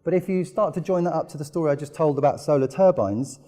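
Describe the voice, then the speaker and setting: A man's voice: on the high side, fast, mellow. A man from the United Kingdom giving a business presentation, telling enthusiastic stories with lots of "you know" fillers. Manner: enthusiastic storytelling with frequent fillers. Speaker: conference speaker.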